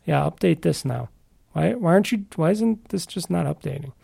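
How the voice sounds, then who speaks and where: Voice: mid-range voice, animated, normal speed, gravelly, dark tone, husky. A podcast host in a casual solo chat about games, rambling and often restarting sentences, with an offhand, mildly grumbling manner.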